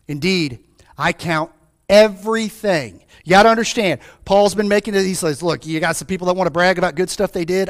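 Fervent high-voiced male pastor preaching. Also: fairly bright tone. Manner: fervent, rises and drops sharply in pitch and volume; calls out to the congregation. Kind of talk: sermon.

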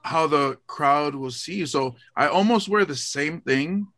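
A man's voice: fairly high pitch, a little slow, no echo. A male comedian with a Hawaii accent, chatting on a podcast and acting out his own lines as he tells stories. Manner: animated storyteller, acts out his own lines. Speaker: guest comedian. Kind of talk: casual podcast chat.

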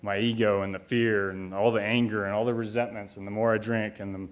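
A man's voice: lowish voice, flat delivery, fairly quick. A middle-aged man giving a candid, rambling personal recovery talk, blunt and often profane, with many fillers. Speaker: speaker at a recovery retreat. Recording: dull lo-fi recording.

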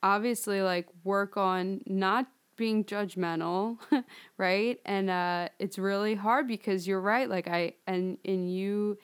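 A woman's voice: medium pitch, fairly even intonation, takes it slowly, clean tone. A woman co-hosting a podcast, telling stories in casual chat, chatty with frequent laughs and fillers. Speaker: podcast co-host.

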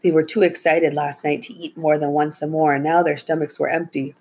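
Low husky woman reading a storybook. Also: flat delivery, moderate pace, poor audio. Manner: raises her pitch for the children's lines, soft and low on tags. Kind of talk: read-aloud children's story narration.

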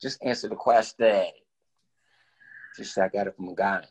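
A man guest telling a story in casual talk, animated and profane, acting out both sides of each conversation. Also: fairly low pitch, moderate pace, vocal fry, long pauses, slightly rough.

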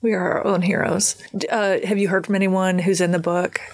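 A woman's voice: on the low side, flat delivery, a little fast, darkish tone, dry recording. A woman hosting a casual interview, asking her guest questions and prompting her with short affirmations.

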